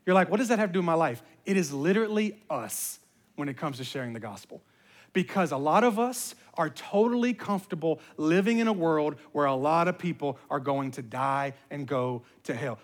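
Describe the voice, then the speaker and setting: A man in his thirties preaching a sermon, telling a family story with acted-out voices and building to loud, emphatic passages. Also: on the high side. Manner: animated storytelling, acts out voices, rising to shouts. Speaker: pastor.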